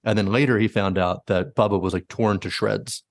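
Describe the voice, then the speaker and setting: A man's voice: on the low side, fairly even intonation, normal speed, gravelly, dry recording, clean studio sound. A man hosting a podcast, casually retelling stories with many likes and quoted asides. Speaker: podcast host. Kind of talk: casual storytelling.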